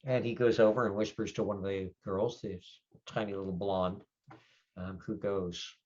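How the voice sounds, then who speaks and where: A man narrating a tabletop game as storyteller, relaxed and descriptive, with many fillers. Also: low-pitched, normal speed. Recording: dull lo-fi stream audio.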